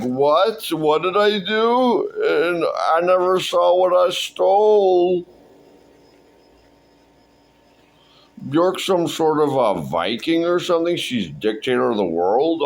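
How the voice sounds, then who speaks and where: A man's voice: mid-range voice, voice pushed up, low-quality recording. A man voicing a confused, sullen male petty thief who mumbles and stumbles over his words. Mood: bewildered. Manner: mumbling, halting, flustered.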